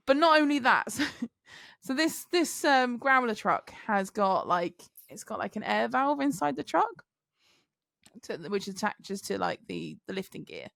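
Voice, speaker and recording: A woman's voice: on the high side, lively intonation, unhurried, vocal fry, a bit bright, dry recording, studio quality. A woman co-hosting a trucking podcast, telling a story in chatty casual talk full of fillers. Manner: chatty, many fillers, giggly. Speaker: podcast co-host, truck driver.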